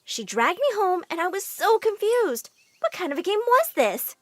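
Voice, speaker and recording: A woman giving expressive, scripted first-person narration for an animated story. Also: very high-pitched, normal speed, dry recording.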